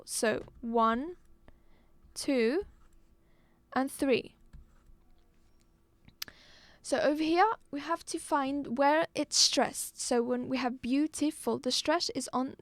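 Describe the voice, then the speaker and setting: A woman teaching a live online exam-prep lesson, patient, repeating words slowly and clearly. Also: high voice, no echo. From Algeria.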